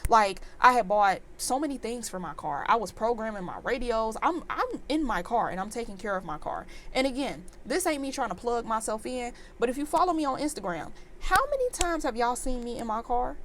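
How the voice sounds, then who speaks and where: A woman in her twenties telling a storytime vlog in an animated, exasperated rant full of fillers. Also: a little high, brisk, few pauses, slight background noise. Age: 20s. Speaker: vlogger.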